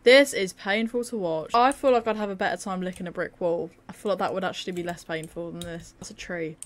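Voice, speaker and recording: A young woman talks over her gameplay at a desk mic, sounding worn out and dryly sarcastic. Her voice sits a little low for a woman, and she jokes at her own expense. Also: fairly even intonation, brisk, no echo. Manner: sarcastic, joking, self-mocking. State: tired. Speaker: gaming video creator. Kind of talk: casual gameplay commentary.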